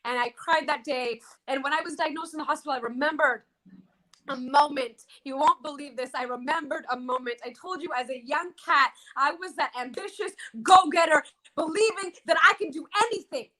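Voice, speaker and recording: Interview guest: woman, high and bright, emphatic storyteller who stresses key phrases. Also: normal speed. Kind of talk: emotional personal storytelling.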